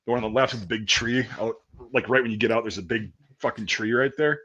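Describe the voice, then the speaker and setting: A young man with an ordinary mid-range voice, swearing freely as he tells a rambling story. He acts out the people in it, jumping higher and louder for quoted shouts, then dropping back into easy chat. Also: quick pace, highs cut off. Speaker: podcast host.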